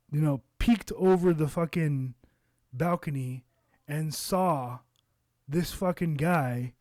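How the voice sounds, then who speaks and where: A man's voice: fairly high pitch, darkish tone, no room sound, studio quality. A man casually telling a personal story to camera, rambling with lots of fillers and cursing. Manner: rambling, loose with curses and fillers. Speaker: vlogger.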